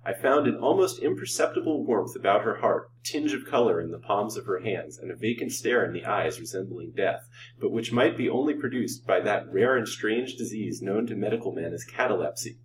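A man's voice: lowish voice, brisk, far from the mic, background noise, close to an everyday voice. A man doing a cold, scheming doctor. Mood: calm. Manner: calm, cold, sneering.

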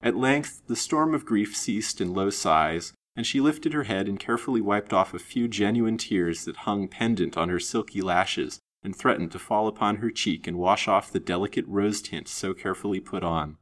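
A man with a low voice reads an old-fashioned novel aloud, steady and measured. He gives the prose an expressive lift as the story builds. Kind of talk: storybook narration.

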